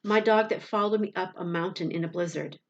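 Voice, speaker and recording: A woman with a lowish voice reads a tense first-person story as an audiobook. Her delivery is expressive and dramatic, and the recording sounds dull and lo-fi. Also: a little fast. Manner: expressive dramatic reading, loud cries in the dialogue. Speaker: audiobook reader.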